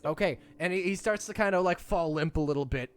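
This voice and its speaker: A man's voice: high voice, fairly quick, smooth, faint music behind. A man running a tabletop game as game master, narrating with frequent laughs and repeated words.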